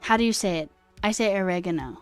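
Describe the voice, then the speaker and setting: A woman's voice: medium pitch, expressive, quick pace, smooth, soft background music. A woman streamer chatting casually with her viewers, trailing off and answering chat as she goes. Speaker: coding livestreamer.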